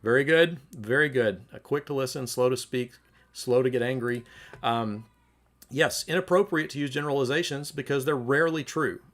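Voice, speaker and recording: A man teaching a relationships class at church in a relaxed, conversational way, reading viewer comments and acting out short argument examples. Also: mid-range voice, normal speed. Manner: conversational, acts out quoted arguments. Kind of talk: livestreamed teaching talk.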